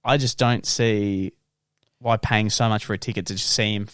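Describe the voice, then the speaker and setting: A young man co-hosting a podcast in casual chat, relaxed and frank, swearing casually. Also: fairly low pitch, normal speed, smooth, no echo, studio quality. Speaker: podcast co-host.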